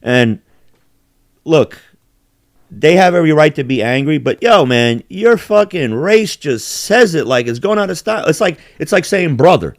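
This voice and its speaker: A man's voice: on the high side, big pitch swings, normal speed, no room sound, clean studio sound. A man hosting a podcast, talking in heated, profanity-laden rants with big swings in emphasis. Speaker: podcast host. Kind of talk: casual heated chat.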